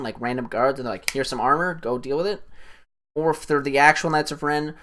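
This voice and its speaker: A man giving a rambling, swear-filled casual recap of a film he just watched, his voice jumping up when excited. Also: on the high side. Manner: animated, voice jumps up when excited. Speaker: streamer.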